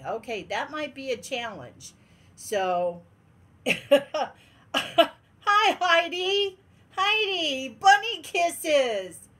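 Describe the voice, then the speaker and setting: A woman hosting a casual livestream from her den at home, bubbly and laughing often as she greets viewers one by one. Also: on the high side. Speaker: livestream host.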